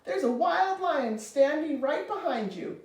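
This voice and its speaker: A woman voicing an eager, imaginative little boy who calls out excitedly, in a roomy recording. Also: sits high, unhurried, distant mic, voice pushed up. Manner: excited, calling out brightly. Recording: roomy, reader away from mic.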